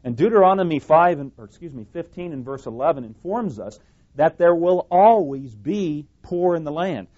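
A man's voice: fairly high pitch, lively intonation, normal speed, a little mellow. A man preaching a sermon, speaking emphatically, repeating phrases and correcting himself as he goes. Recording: dull lo-fi recording.

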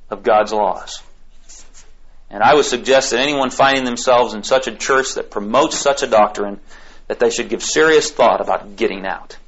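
A man preaching a sermon, building to emphatic, drawn-out declarations. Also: medium pitch, fairly bright tone, muffled recording.

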